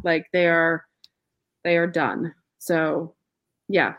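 A woman's voice: low-pitched, level tone, takes it slowly, a little hiss or hum. A woman guest, a pet photographer, chatting casually in an interview, laughing often and trailing off mid-sentence.

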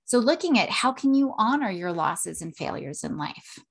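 A woman's voice: medium pitch, very animated, moderate pace, creaky. A woman in her thirties hosting a solo parenting podcast, earnest, with a habit of tagging "right?" onto her points. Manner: earnest, repeats "right?" often.

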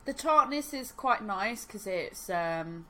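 A woman's voice: medium pitch, expressive, slow pace, pushed and bright. A woman co-hosting a podcast, chatting casually with many fillers and frequent giggles. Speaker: podcast co-host. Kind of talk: casual chat.

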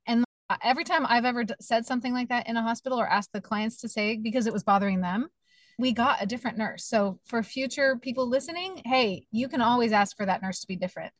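A woman's voice: fairly high pitch, fast talker, no echo. A woman hosting a podcast, talking emphatically and sympathetically, giving advice straight to listeners. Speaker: podcast host. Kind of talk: casual interview chat.

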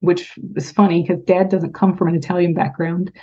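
A woman author being interviewed, talking in a soft, reflective way with frequent pauses and ums. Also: fairly low pitch, flat delivery, breathy edge, lo-fi sound. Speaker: author and podcast guest. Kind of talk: casual interview chat.

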